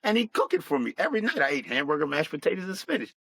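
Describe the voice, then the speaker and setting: A middle-aged man telling his life story as a guest, in a plain, reflective, unhurried way. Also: fairly high pitch, wildly swooping pitch, gravelly, fairly bright tone, breathy edge, no room sound, low-quality recording. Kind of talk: personal storytelling.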